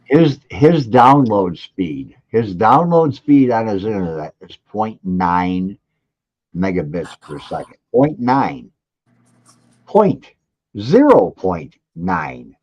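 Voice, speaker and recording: A man's voice: lowish voice, slow pace. Older man teasing his livestream chat. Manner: animated, teasing, reads out viewer comments. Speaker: livestream host. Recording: dull lo-fi audio.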